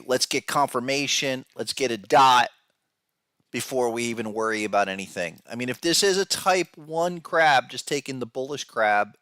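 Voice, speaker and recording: A man's voice: mid-range voice, sharp tone, no echo, clean studio sound. A man hosting a podcast, giving casual market analysis, who talks to viewers directly and often repeats words as he goes. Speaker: podcast host and trading analyst.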